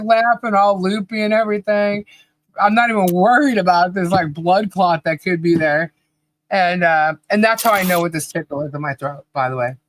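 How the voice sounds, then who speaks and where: Woman podcast host, mid pitch, lively storyteller who laughs a lot, casual live chat. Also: slight background noise, low-quality recording. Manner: animated storyteller, laughs often, reads out chat names.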